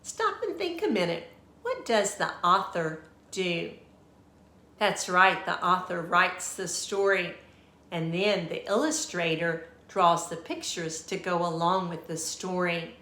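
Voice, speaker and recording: A woman teacher reading a picture book aloud at a slow, unhurried pace. Her voice is bright and clear, and she pauses often to ask the children questions. It sounds like an echoey room. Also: on the low side. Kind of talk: read-aloud storytime for children.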